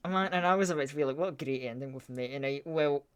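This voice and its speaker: A man's voice: on the high side, fast talker, noisy background. A man hosting a casual livestream chat, rambling and hesitant, with frequent restarts and chuckles. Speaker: streamer host.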